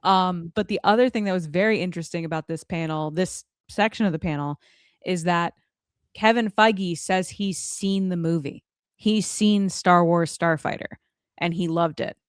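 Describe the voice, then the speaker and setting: Chatty woman podcast host, low voice. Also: normal speed, clear, resonant tone, no room sound, clean studio sound. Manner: chatty, leads the discussion with asides. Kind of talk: casual podcast chat.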